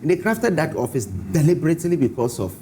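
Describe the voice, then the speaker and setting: A Ghanaian man makes his case on a TV panel, lecturing with a lot of movement in his pitch. His voice is mellow, with a faint room hum behind it. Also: fast talker. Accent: Ghanaian English. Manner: lecturing, lively argumentative. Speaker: party communicator. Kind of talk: panel debate.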